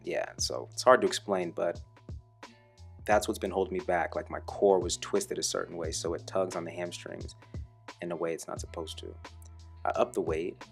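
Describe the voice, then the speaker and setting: A young man talking casually and profanely over footage of his own workout, joking about himself in the third person. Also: sits low. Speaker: fitness vlogger.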